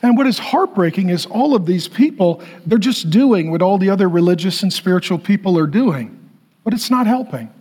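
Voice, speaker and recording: A male preacher with a high, husky voice that swoops up and down as he teaches. He delivers his sermon with playful asides and sudden loud bursts to the congregation. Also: lively intonation, normal speed. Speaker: pastor.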